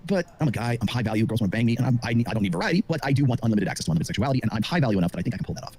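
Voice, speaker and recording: Middle-aged man, husky, rapid-fire self-assured podcast monologue. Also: medium pitch, sing-song, darkish tone. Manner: rapid, confident lecturing with many fillers. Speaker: dating commentator on a show.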